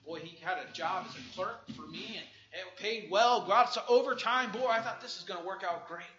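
Bright-voiced preacher man, roomy and dull. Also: sits high, normal speed. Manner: animated, swings from hushed to shouting. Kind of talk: sermon with personal testimony.

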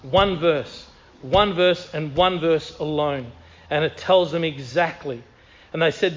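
Male preacher, earnest and emphatic, reads scripture, slightly high voice, dull recording. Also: slow. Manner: earnest, emphatic, repeats key phrases. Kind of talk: sermon with scripture reading.

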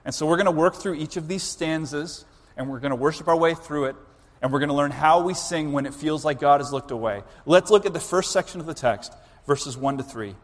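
A pastor in his thirties preaching a sermon in a church, building to loud, impassioned pleading prayers. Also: on the high side, brisk. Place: church sanctuary. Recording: long reverb of a large church hall.

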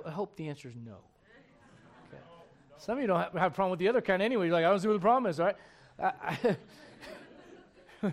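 A man preaching a sermon, emphatic and full of questions to the congregation, reading scripture aloud in old-fashioned wording. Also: on the high side. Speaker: pastor.

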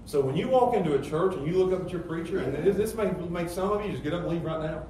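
A middle-aged pastor preaching a sermon with emphatic, rising rhetorical questions. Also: male voice, high-pitched, lively intonation, fast, warm tone. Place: church sanctuary. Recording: very echoey church hall, distant mic, faint noise.

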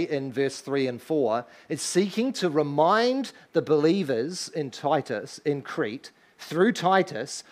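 A man with a somewhat high voice delivers a sermon from the pulpit. He is emphatic, leans on key phrases, and keeps asking his listeners questions. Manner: emphatic, asks the congregation rhetorical questions. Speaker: pastor. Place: church.

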